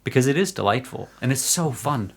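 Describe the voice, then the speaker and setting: An American actor talking earnestly as a podcast guest, often restarting his sentences. His voice is gravelly, at a middle pitch. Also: expressive, a little fast. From United States. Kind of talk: casual interview chat.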